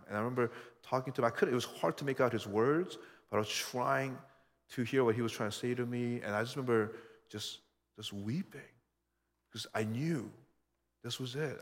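A man's voice: fairly low pitch, in a large hall. A man preaching a sermon, telling personal stories and asking his listeners questions in an earnest way. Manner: earnest, personal storytelling with frequent rhetorical questions. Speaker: pastor.

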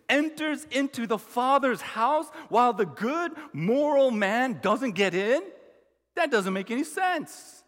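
Emphatic, animated preacher in a big hall. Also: male voice, very high voice. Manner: emphatic, acts out the quoted brother. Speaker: pastor. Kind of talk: sermon.

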